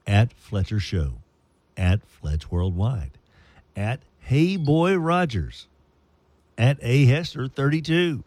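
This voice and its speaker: A man's voice: mid-range voice, big pitch swings, slow, a little mellow, no echo. A man hosting a sports radio show in casual, playful banter with jokey asides.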